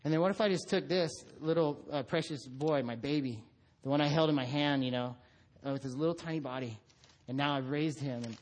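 Man, middle-aged, pastor, sermon, animated storyteller, acts out voices, slightly high voice. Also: fairly quick. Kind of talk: sermon with family stories.

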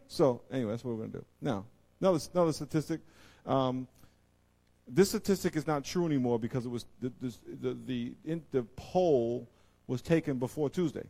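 Male pastor, sermon, medium pitch, dynamic delivery with big swings from hushed to fired-up. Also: a little fast, vocal fry. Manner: animated, swings between hushed asides and loud excited bursts.

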